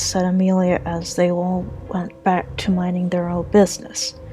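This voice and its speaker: A woman narrating a dark first-person pony story in an earnest, slightly halting reading. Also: fairly low pitch, monotone, faint music behind, low-quality recording.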